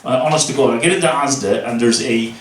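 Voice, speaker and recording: A man's voice: medium pitch, fast talker, a little hiss or hum. A Northern Irish man in his thirties performing a stand-up comedy set, swearing and telling stories with energy. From Northern Ireland. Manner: swearing, animated storytelling. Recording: echoey room, mic at a distance.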